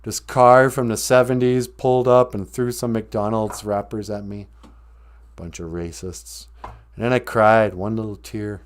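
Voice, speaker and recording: A man hosting a podcast, telling jokes and stories in a dry, deadpan way. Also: on the low side, measured pace. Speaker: podcast host and storyteller. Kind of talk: comedic banter.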